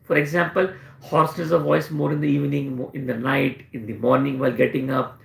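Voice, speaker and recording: A man's voice: medium pitch, level tone, brisk, vocal fry, fairly bright tone, echoey room, a little hiss or hum. A man with an Indian English accent, a homeopathic doctor answering questions and teaching in a live session, explaining with repeated emphasis.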